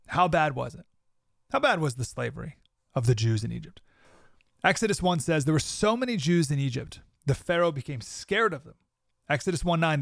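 A man's voice: medium pitch, vocal fry, no room sound, clean studio sound. A man hosting a podcast, talking reflectively to his listeners and reading out scripture in a conversational way. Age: adult with a young child. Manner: conversational, quotes scripture, talks to listeners directly. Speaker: podcast host.

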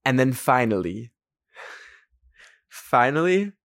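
A man's voice: medium pitch, slow, gravelly, no echo, clean studio sound. A young man from Canada hosting a podcast, telling a casual story with lots of "like" and acted-out quotes. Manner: animated, heavy use of "like", acts out quotes in raised voices. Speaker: podcast host.

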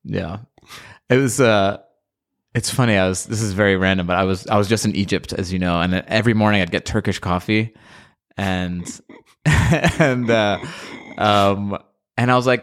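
A man's voice: lowish voice, moderate pace. A man hosting a podcast in casual chat, ranting animatedly and profanely and acting out little scenes in put-on voices. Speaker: podcast host.

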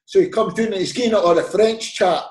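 Scottish ex-footballer guest, animated storyteller, a bit high-pitched, echoey room. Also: male voice, fast talker. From Scotland. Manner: animated storyteller, acts out quoted dialogue, laughs often. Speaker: podcast guest, former footballer. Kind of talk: casual anecdote telling.

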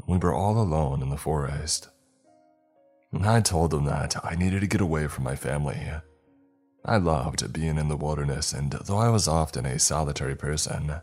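A man narrating a first-person scary campfire story in a steady, scripted storytelling manner. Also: rumbling low. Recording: faint music under the voice.

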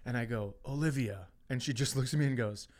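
A man's voice: medium pitch, brisk, a crowd in the background. A middle-aged man on a podcast, telling a story with plenty of swearing and acted-out quotes. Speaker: podcast co-host. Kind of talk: casual storytelling chat.

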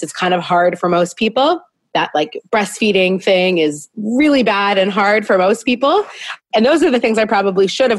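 A woman's voice: mid-range voice, no room sound. A woman in her thirties chats candidly as an interview guest, poking fun at herself as she talks. Her voice sits in a middle register. She is recorded at home, and the sound is close and dry. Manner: candid, chatty, self-deprecating. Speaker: guest, business founder. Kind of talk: casual interview storytelling.

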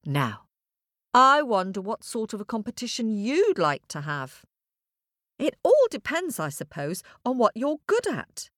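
Playful, unhurried woman storyteller. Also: mid-range voice, very animated, fairly bright tone, dry recording, studio quality. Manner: playful, addresses children directly. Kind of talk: children's story narration.

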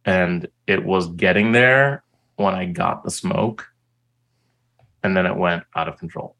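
A man's voice: deep voice, unhurried, creaky, rough recording. A young man telling a story as an interview guest, casual and profane, with lots of "like"s. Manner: profane, animated storyteller with many "like"s.

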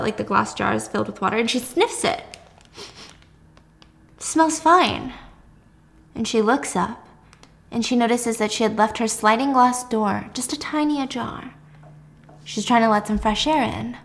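A woman hosting a casual chat, retelling a drama with animated, playful storytelling. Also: fairly high pitch. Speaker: host.

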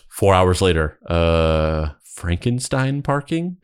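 Low-voiced man reading aloud for laughs. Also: animated, moderate pace. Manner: wry, cringing, laughs often. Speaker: podcast co-host. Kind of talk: comedic read-aloud with commentary.

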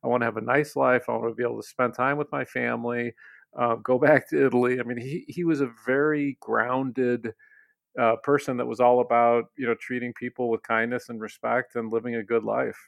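A man being interviewed, telling a family story in a relaxed way, with many fillers and restarts. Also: medium pitch, brisk, creaky, no echo. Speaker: interview guest, company leader. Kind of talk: conversational storytelling.

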